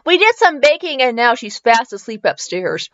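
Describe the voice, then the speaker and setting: Brief: a woman reads a bubbly young wife and mom, high and lively, fanfic reading. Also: normal speed, no echo, dull audio. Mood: excited. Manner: bubbly, excited. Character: cheerful young wife and mother.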